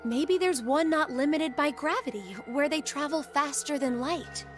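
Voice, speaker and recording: An actress voicing a calm young woman in a game who lectures and reasons step by step. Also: high voice, measured pace, faint music behind. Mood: calm, reasoning.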